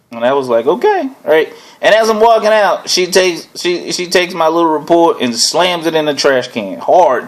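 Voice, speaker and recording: A man hosting his own show, telling a personal story in a casual, animated way, often chuckling and asking "right?". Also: a little high. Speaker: host.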